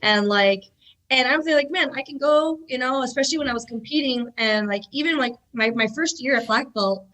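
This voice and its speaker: A woman in her thirties, a jiu-jitsu black belt and instructor, talking casually on a podcast in a chatty, animated way full of filler words. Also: fairly high pitch, fairly quick, rough recording. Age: 30s.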